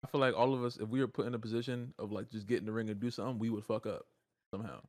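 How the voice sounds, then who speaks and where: A man's voice: lowish voice, fairly even intonation, rapid-fire, dry recording. A man co-hosting a podcast in loose, joking casual chat, swearing freely. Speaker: podcast co-host.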